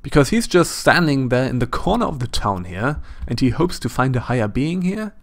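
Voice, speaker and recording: Gravelly German-accented man narrating gameplay. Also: mid-range voice, big pitch swings, moderate pace. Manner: chatty, thinks aloud, self-deprecating asides. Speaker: let's play host. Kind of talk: casual gameplay commentary.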